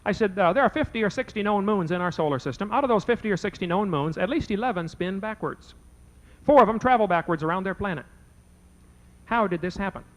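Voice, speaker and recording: A man's voice: sits high, animated, fast talker, fairly bright tone, rough recording. A man debating before a live audience, telling a folksy story and acting out both sides of a conversation. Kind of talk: anecdote told to a live audience.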